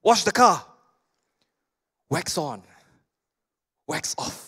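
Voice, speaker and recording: A calm old karate master, played by a male preacher speaks in short, hushed orders. The voice drops below the preacher's high natural pitch. The words are plain and clipped. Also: drawn-out words, husky, full character voice. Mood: calm instruction.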